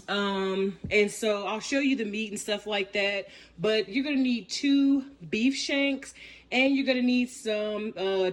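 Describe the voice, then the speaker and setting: A woman's voice: medium pitch, far from the mic. Chatty woman cooking in an echoey kitchen. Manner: chatty, folksy, storytelling with many fillers. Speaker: cooking vlogger. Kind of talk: casual cooking demonstration. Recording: roomy echo, mic set back, faint room noise.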